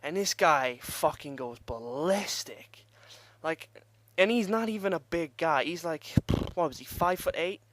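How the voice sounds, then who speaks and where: A man's voice: a little high, animated, a little slow, a bit bright, no room sound. A young man telling a rambling, profane party story in casual vlog style and laughing at himself. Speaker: vlogger.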